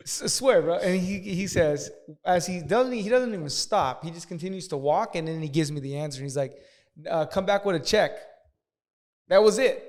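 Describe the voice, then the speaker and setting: A man casually telling a profane story as a podcast guest, talking fast and acting out the people in it. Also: sits high, expressive, a little mellow. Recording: long hall reverb.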